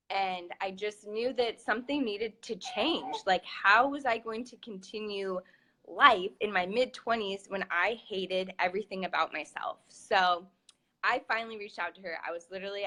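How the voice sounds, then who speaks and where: A woman's voice: medium pitch, sharp tone. A young adult woman, a fitness coach, telling a personal story in a chatty, casual way full of "like" and "um". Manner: chatty, many fillers like "like" and "um".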